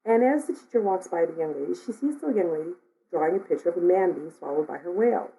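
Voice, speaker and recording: Woman minister with a mellow, lowish voice. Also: expressive, fast talker, creaky, poor audio. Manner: storytelling, conversational. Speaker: minister giving a talk. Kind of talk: sermon.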